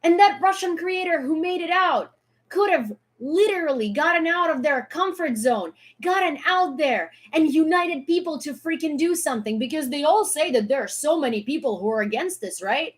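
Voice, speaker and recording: A woman's voice: high-pitched, expressive, normal speed. A woman from Ukraine ranting on a live stream, sarcastic and heated, swearing freely as she argues. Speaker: social media creator.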